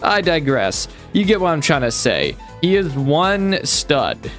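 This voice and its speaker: A man's voice: a little high, wildly swooping pitch, a little slow, a bit bright, soft background music. A man hosting a reaction commentary, rambling along in a sarcastic, mock-admiring tone and calling his audience friends and folks. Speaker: commentary channel host.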